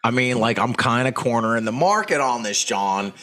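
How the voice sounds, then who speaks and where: A man co-hosting a loose comedy podcast, his voice swinging widely up and down as he rambles through crude jokes. He sits at a middle pitch and breaks into laughter often. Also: animated, moderate pace, a bit bright. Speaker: podcast co-host. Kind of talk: casual comedy chat.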